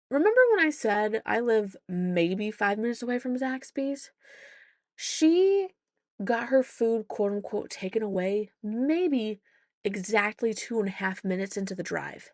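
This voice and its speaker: A woman's voice: medium pitch, animated, measured pace, dry recording. Chatty woman podcaster, dry close sound. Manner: chatty, acts out the voices in her anecdotes. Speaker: podcast host; mother. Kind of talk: casual storytelling podcast.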